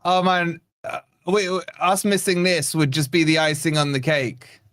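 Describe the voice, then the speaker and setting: A man's voice: on the high side, flat delivery, moderate pace, fairly bright tone. A man hosting a live football watch-along, blunt and sarcastic, venting about his team as the match plays out. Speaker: fan channel host.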